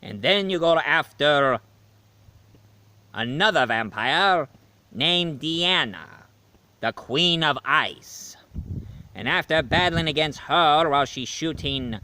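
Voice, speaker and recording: A man playing Dracula, a male vampire who is tired of killing, giving a slow, rambling video game review in character. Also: fairly high pitch, sharp tone, a little hiss or hum, full character voice. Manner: slow, rambling, self-correcting.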